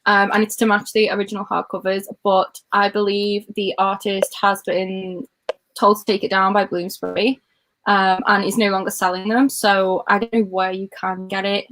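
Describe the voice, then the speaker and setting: A woman's voice: medium pitch, little pitch movement, normal speed, a bit bright. A young woman from near Liverpool with a northern English and Scouse accent, chatting casually on a livestream and filling her talk with "like" and "um". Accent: mix of northern English and Scouse. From North West England, near Liverpool. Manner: chatty, says "like" and "um" often. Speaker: host.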